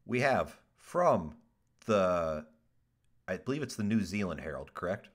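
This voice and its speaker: A man's voice: low voice, unhurried. A man hosting a casual podcast, reading odd news stories aloud with jokes, swearing and laughter. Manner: animated, laughs often, swears, ad-libs jokes.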